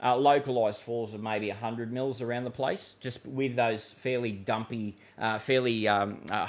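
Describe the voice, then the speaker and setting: A middle-aged Australian man hosting a live weather stream, chatting loosely with viewers and rambling through many fillers and restarts. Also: medium pitch. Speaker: weather livestream host. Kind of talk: casual live chat reading viewer comments.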